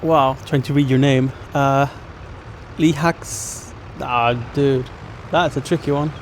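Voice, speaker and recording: A man's voice: medium pitch, steady tone, measured pace, a little hiss or hum. A young man from Sweden streaming a farming game, chatting casually and rambling with self-mocking asides. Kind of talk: casual gameplay commentary.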